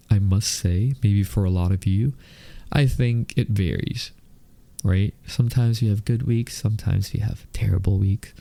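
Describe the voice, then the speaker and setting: A man in his mid-thirties hosts a casual solo podcast, his low, gravelly voice carrying a slight lisp from the retainers he wears. He talks slowly and deliberately, with plenty of fillers, and his tone is mellow and dark in a dry, close-sounding space. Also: dry recording. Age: mid-30s. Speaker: podcast host.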